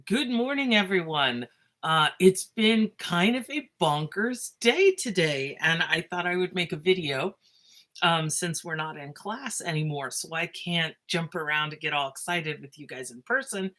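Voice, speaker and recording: A woman teacher talking casually to her students in a video made on her phone, excitable and animated, often breaking off and laughing. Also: lowish voice, measured pace.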